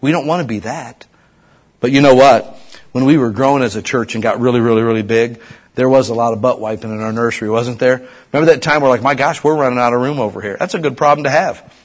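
A middle-aged pastor from Ohio delivers a lively sermon, pushing hard on his exhortations and dropping low for quiet asides. His voice is husky, sitting at an ordinary pitch for a man. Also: quick pace. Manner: animated preaching, swinging from loud urging to hushed asides.

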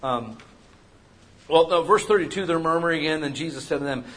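A man preaching a sermon as pastor, animated and joking, acting out the people he quotes. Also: a little high, a little fast.

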